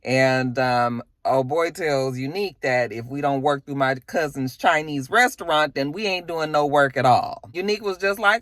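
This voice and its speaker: Recap host, conversational and slangy, very expressive pitch, dry close sound. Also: moderate pace, hardly any pauses, no room sound. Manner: animated, slangy storytelling with frequent asides and fillers. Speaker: TV episode reviewer. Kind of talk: casual recap of a TV episode.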